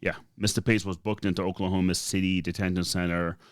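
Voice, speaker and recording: Boston-accented male podcast co-host, lowish dry voice, halting and casual. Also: little pitch movement, dry recording. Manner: halting, many fillers and restarts.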